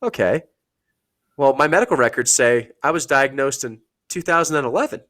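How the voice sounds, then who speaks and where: A man's voice: medium pitch, fairly quick. A man, a podcast guest, telling casual, profane stories about his military service and acting out the people he quotes. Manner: profane, animated storytelling with acted-out quotes. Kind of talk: casual storytelling.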